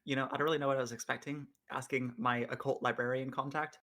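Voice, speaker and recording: A man's voice: mid-range voice, little pitch movement, fast talker, a bit bright. A man playing in a tabletop role-playing game, casually describing his character's actions with dry jokes. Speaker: player.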